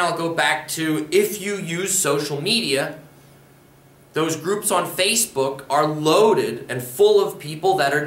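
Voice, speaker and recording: A man from Pennsylvania gives a spoken language lesson, explaining patiently and going over example phrases more than once. His voice sits a little high and moves with lively pitch. The recording has a roomy echo. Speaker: language teacher.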